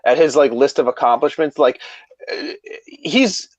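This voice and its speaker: A man's voice: medium pitch, sing-song, measured pace, dry recording. A man co-hosting a podcast, chatting casually and hedging with lots of "like". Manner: chatty, hedging with many likes. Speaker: podcast co-host.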